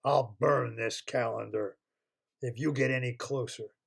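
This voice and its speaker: A man's voice: mid-range voice, fairly even intonation, a little slow, gravelly, breathy edge, pitched below the performer's own voice. A man voicing a scheming male villain who taunts and threatens in a told bedtime-style story over a computer call. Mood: gloating. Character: gloating scheming male villain holding a hostage. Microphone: computer mic on a video call.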